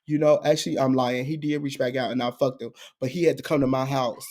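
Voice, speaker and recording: A young man co-hosting a podcast, telling a story in casual chat and jumping into high, excited voices. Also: quick pace. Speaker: podcast co-host.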